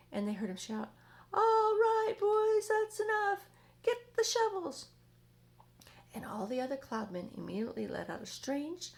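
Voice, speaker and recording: A woman reading a children's book aloud in an expressive, dramatic way. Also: medium pitch, creaky. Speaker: storyteller.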